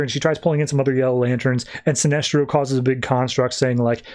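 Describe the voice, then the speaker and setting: A man's voice: mid-range voice, fairly even intonation, fairly quick. A man hosting a podcast, casually recapping a comic book story and paraphrasing the characters' lines as he goes. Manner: retells scenes loosely, quoting characters with "he's like". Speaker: podcast host.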